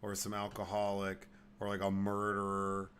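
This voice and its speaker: A man's voice: on the low side, monotone, normal speed, a bit bright, a little hiss or hum. A man from Texas hosting a podcast, ranting in casual, profane chat and mocking people in put-on voices. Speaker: podcast host.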